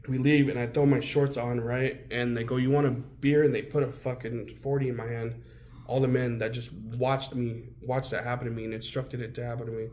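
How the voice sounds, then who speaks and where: A man's voice: mid-range voice, darkish tone, a little hiss or hum. A man as an interview guest, telling his own story bluntly and with heavy swearing. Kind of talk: candid personal storytelling.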